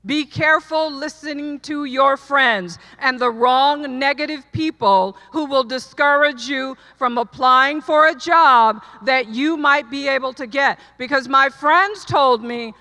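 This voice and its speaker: A woman's voice: high-pitched, unhurried, hardly any pauses, pushed and bright. A middle-aged woman giving a commencement speech, telling her story earnestly and repeating lines for emphasis. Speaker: commencement speaker. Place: large hall, live audience. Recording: long hall reverb.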